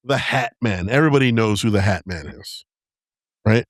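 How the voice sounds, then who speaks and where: A man's voice: lowish voice, lively intonation, moderate pace, no room sound, clean studio sound. A young man from Southern California hosting a casual podcast, telling stories, laughing often and slipping into quoted voices. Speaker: podcast host.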